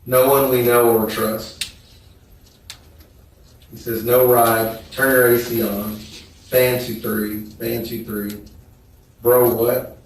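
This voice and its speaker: A man testifying as a witness in a courtroom, reading text messages aloud in a slow, measured way. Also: mid-range voice, level tone. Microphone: distant courtroom microphone. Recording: echoey courtroom audio from far off with faint noise.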